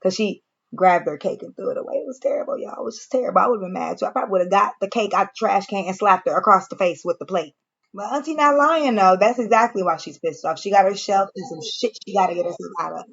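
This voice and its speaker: A woman's voice: medium pitch, fast, creaky, fairly bright tone, husky, lo-fi sound. A woman casually recapping and reacting to a TV episode, chatty and slangy, talking straight to her viewers. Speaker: show reviewer.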